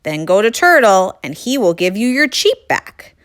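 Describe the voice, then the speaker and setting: A woman voicing a friendly, gentle male horse in a children's storybook, explaining things patiently. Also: medium pitch, sing-song, normal speed. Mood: kindly.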